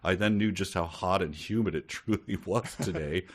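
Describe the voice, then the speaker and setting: A man's voice: sits low, moderate pace, slightly rough. A man co-hosting a book podcast, telling anecdotes with exasperated, acted-out dialogue. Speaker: podcast co-host. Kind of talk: casual chat and storytelling.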